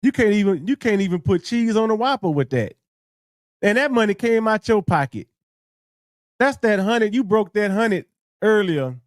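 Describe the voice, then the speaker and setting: A man's voice: sits high, expressive, normal speed, no echo, clean studio sound. A man hosting a reaction video, mocking the clip he watches and calling out its lies. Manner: mocking, scatting along; disbelieving, calls out lies. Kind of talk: reaction commentary.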